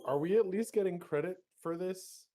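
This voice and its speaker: A man's voice: sits high, moderate pace, dark tone, soft background music. A man playing a tabletop game, joking and cocky in character. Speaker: player. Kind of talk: tabletop role-play banter.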